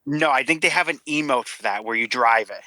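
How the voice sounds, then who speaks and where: A man's voice: medium pitch, brisk, pushed and bright, dry recording. A man co-hosting a podcast, chatting in an easygoing, slightly hesitant way. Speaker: podcast co-host. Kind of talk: casual chat.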